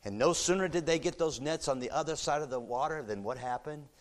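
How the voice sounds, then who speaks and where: A man preaching a sermon in a church, telling a story with animated energy, moving between quiet, low asides and loud, excited exclamations. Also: brisk.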